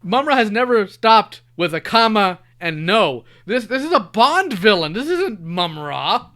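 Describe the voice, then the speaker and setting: A man on a podcast, chatting casually and critically, often trailing off quietly. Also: high-pitched, very animated, measured pace. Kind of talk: casual chat.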